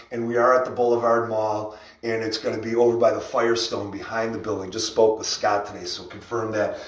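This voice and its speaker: A man's voice: medium pitch, a bit bright. Rambling, upbeat man talking far from the mic. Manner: rambling, enthusiastic pep talk with laughs. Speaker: livestream host and rally organizer. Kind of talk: casual motivational livestream. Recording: echoey room, far from mic.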